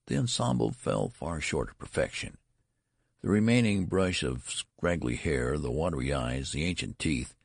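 A man narrating a story as an audiobook reader, in a measured, dry storytelling manner. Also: rumbling low, gravelly, husky, no room sound.

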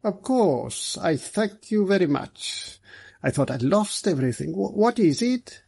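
A man's voice: sits high, big pitch swings, gravelly, warm tone, slightly rough, pitched above the performer's own voice, full character voice. A man voicing an uneasy witness with a harsh, metallic voice in a storybook reading. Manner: slow, careful, civil. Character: shaken civil man with a harsh voice.

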